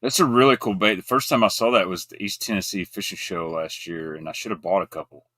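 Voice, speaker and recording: A man chatting casually as guest co-host, blunt and folksy, talking in quick bursts. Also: low voice, pushed and bright, dry recording. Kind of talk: casual chat.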